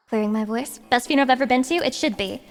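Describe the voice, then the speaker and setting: A high female voice with a long reverb tail comes from a karaoke livestream. The streamer swears and sarcastically fake-mourns while chatting with viewers, and she sings loudly along to the backing music.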